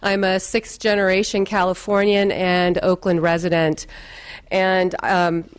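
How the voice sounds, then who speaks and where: Woman testifying, measured and formal, civic tone. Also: on the low side, little pitch movement, clear, resonant tone. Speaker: public commenter.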